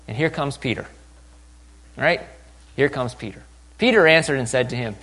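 Animated male preacher with big swings. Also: mid-range voice, normal speed, pauses often. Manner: animated, acts out disciples' voices with wide swings in loudness. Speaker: pastor. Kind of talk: sermon.

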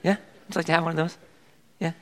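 A man's voice: a little high, level tone, quick pace, a bit bright. A middle-aged man preaching a sermon in a conversational way, asking the congregation questions as he goes. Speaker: pastor.

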